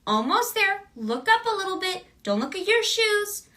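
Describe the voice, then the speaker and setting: A woman's voice: very high-pitched, sing-song, normal speed, bright, forceful tone, recorded from a distance, voice pushed up, full character voice. A woman imitating a patient director who coaxes a small child in a singsong way. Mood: coaxing. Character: patient coaxing adult director talking to a child.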